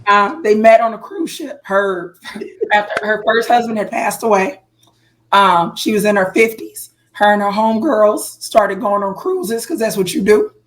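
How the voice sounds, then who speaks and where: This is a woman co-hosting a casual podcast chat. Her pitch sits in the middle of the range, and she tells long family stories with restarts and filler words. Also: moderate pace. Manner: animated storyteller, frequent fillers and restarts. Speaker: podcast co-host.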